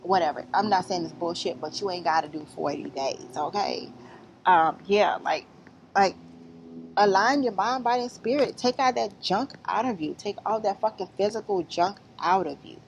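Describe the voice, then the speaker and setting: A woman's voice: medium pitch, moderate pace, background noise. A woman giving blunt, rambling spiritual advice in a casual vlog, outdoors among trees. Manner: rambling, blunt and profane, lively. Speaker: spiritual vlogger.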